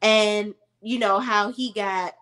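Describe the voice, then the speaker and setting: A woman with a mid-range, slightly bright voice speaks slowly with fairly even intonation. She's recapping a reality TV episode with casual, opinionated commentary, blunt and exasperated, telling it in slangy storyteller fashion.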